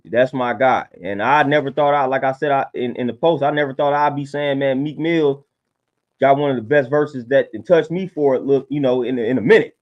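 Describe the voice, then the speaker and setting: A man's voice: mid-range voice, moderate pace, muffled recording. A man talking casually on a livestream, laid-back and preachy, often repeating his points. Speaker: livestream host.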